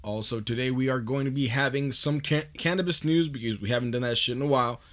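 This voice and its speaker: Man, podcast host, casual monologue, profane, loose, laughing often, medium pitch. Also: quick pace, fairly bright tone.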